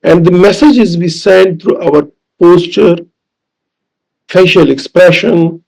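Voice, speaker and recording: A man with a Pakistani English accent lecturing as a professor, deliberate and repetitive, with fillers. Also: high voice, creaky, a little mellow, low-quality recording. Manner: slow, deliberate, repeats key points with fillers. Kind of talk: recorded lecture.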